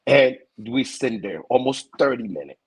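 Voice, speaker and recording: Lively husky man. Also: mid-range voice, normal speed, rough recording. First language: French. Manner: animated, stammering repeats, acts out other voices. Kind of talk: casual comic storytelling.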